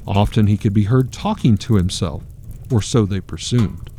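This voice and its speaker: A man narrating a dark story in a measured, grave manner. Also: on the low side, slight background noise.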